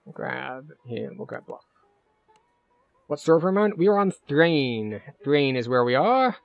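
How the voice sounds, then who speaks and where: A man live-streaming a game, chatting casually and thinking out loud as he plays. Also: medium pitch, big pitch swings, unhurried, vocal fry, no echo, lo-fi sound, faint music behind. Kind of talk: live-stream gameplay commentary.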